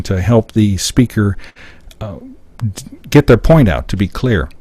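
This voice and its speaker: A man's voice: medium pitch, darkish tone, dry recording. Man giving an emphatic seminar talk. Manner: explanatory, emphatic, acts out example lines. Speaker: seminar speaker. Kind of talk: live public-speaking seminar. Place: seminar room before an audience.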